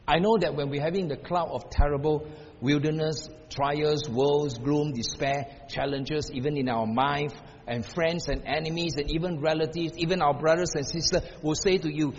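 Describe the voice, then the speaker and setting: Older male pastor, a bit high-voiced, swings from hushed to loud emphatic preaching; long hall reverb, faint hiss. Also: steady tone, normal speed. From Singapore. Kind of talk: sermon. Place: church hall. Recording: muffled sound in a reverberant hall.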